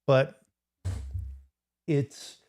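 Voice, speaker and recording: A man's voice: extremely slow, darkish tone. Rambling middle-aged man chatting on a livestream. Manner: rambling storytelling, talks to chat viewers. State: recovering from hip replacement. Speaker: livestream host. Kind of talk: casual livestream chat.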